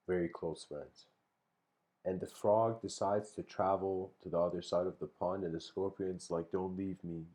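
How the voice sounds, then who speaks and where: A man's voice: low-pitched, a little mellow. A man giving a talk, telling a story in a laid-back, rambling way with lots of fillers and restarts. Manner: chuckles between phrases. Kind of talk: casual spoken storytelling and reflection.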